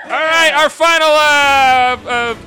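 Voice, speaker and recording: A man's voice: very high voice, steady tone, loud music behind the voice. A man co-hosting a comedy chat, chiming in playfully. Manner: playful, quick interjections. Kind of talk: casual chat.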